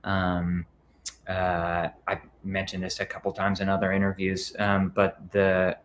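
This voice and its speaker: Low-voiced guy talking slow in an interview, lots of ums, faint noise behind. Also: completely flat delivery. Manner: hesitant, many ums and restarts. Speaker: guest, comic book writer. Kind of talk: casual interview chat.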